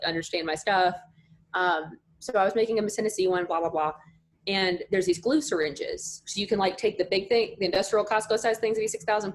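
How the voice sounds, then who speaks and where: A young woman chatting as a podcast guest, telling stories freely and filling her speech with "like". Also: on the low side. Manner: chatty, storytelling, lots of "like" fillers. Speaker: podcast guest, pageant contestant. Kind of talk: casual podcast chat.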